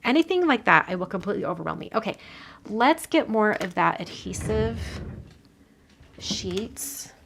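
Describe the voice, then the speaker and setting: A woman hosting a live card-making demo, chatting casually and dropping to soft murmurs while she works in her home craft room. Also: mid-range voice, big pitch swings, normal speed, creaky, slight background noise.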